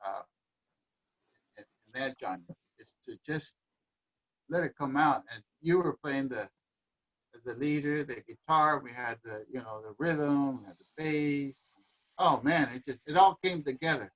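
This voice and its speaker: A man talks through ideas in a relaxed, reflective way, now and then reaching for a Spanish word. His voice sits in an ordinary middle pitch. He comes across as an easygoing guest speaking on a livestream. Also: measured pace, poor audio. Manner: reflective, sprinkles in Spanish words. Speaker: guest musician and dancer. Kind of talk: casual conversation. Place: home livestream.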